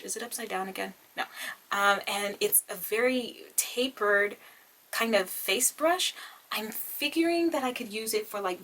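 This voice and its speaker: A woman's voice: medium pitch, fairly bright tone. A young woman vlogger chatting through an unboxing, gasping and gushing, often saying "y'all". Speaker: beauty vlogger. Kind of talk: excited unboxing chat.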